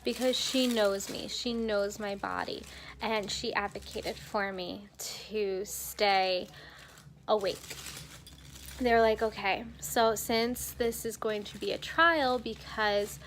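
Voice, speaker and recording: A young woman vlogger telling a personal story in a casual, animated way, acting out what others said to her. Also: mid-range voice, slow, a little hiss or hum. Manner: animated retelling, acting out quoted dialogue.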